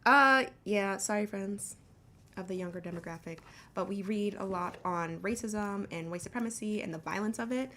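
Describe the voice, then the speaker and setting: A woman's voice: medium pitch, moderate pace, fairly bright tone, slight background noise. A woman hosting a casual livestream, blunt and talking with lots of fillers and swearing. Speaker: livestream host.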